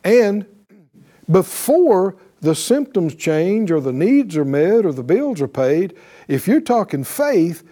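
A man's voice: high voice, slow pace. A man preaching a sermon, often asking "right?" and acting out voices of believers speaking faith. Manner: animated, calls for responses with "right?".

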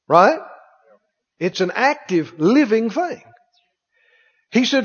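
Animated high-voiced preacher man. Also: moderate pace. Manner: animated preaching, acting out scripture voices, rhetorical questions. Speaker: pastor. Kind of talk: sermon. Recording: dull sound with long hall reverb.

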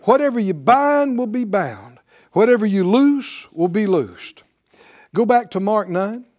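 Animated high-voiced male preacher. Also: unhurried. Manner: animated preaching with rhetorical questions to the congregation. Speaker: pastor. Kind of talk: sermon.

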